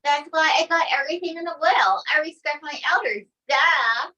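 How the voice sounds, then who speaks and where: A woman's voice: high voice, moderate pace, sharp tone, far from the mic, lo-fi sound. Woman voicing a sassy gold-digging puppet girl. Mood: smug. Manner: brassy, cheeky, blunt. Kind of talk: ventriloquist puppet act.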